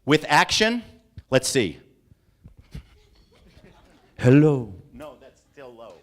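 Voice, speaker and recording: A man leading a live, interactive creativity talk for an audience, theatrical and animated, often acting out voices and scenes. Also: a little high, measured pace. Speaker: creativity workshop speaker. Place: lecture hall with audience.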